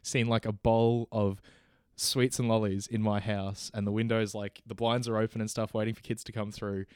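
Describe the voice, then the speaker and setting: A man's voice: lowish voice, flat delivery, normal speed, darkish tone, clean tone, no echo, studio quality, lightly acted. A man putting on a brash, swearing, patriotic Australian bloke with a blustering, crude-slang manner and an Australian accent. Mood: ranting.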